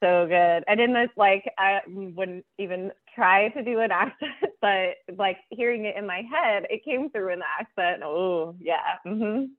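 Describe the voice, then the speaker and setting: A woman's voice: mid-range voice, measured pace, few pauses. A woman in a casual book-club chat, enthusiastic and agreeable. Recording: dry, tinny phone-like line.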